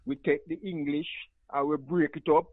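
Jamaican caller, patois, passionate and rambling, slightly high voice, dry tinny phone sound. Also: male voice, flat delivery, normal speed, no room sound. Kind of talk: call-in radio talk.

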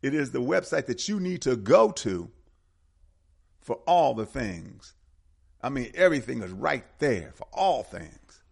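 A man's voice: medium pitch, big pitch swings, measured pace, creaky, breathy edge. A man hosting community announcements, talking casually and repeating the details and phone numbers. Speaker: community radio host. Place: Atlanta area.

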